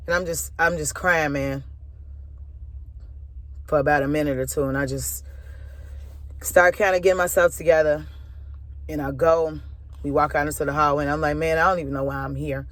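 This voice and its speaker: A woman's voice: low voice, fairly even intonation, moderate pace, long pauses, fairly bright tone, dry recording. Woman, spoken word minister, candid personal storytelling, casual fillers, close dry sound. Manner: casual, loose, lots of "or whatever" fillers; candid, emotional retelling.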